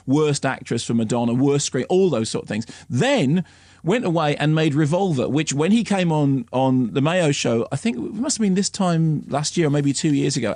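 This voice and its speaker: A male film critic on a radio show, talking in a somewhat high voice with a sardonic, ranting edge. He slips into mocking impressions as he goes. The studio sound is close and dry. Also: a little mellow, no echo.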